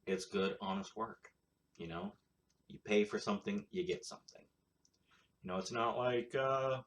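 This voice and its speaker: A man's voice: lowish voice, a bit bright. A man hosting his own show, rambling through casual solo commentary in a blunt, crude, sarcastic way. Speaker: show host.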